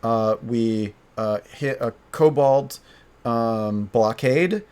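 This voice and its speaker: A man playing a tabletop game solo, narrating as he thinks aloud, halting and restarting often. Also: medium pitch, darkish tone, clear, resonant tone. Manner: halting, hesitant, frequent restarts.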